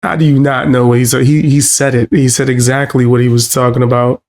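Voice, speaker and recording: A male co-host chimes in with easygoing, conversational remarks, questioning the clips as they play. His voice sits at an ordinary middle pitch. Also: level tone, fairly quick, darkish tone. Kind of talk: casual reaction chat.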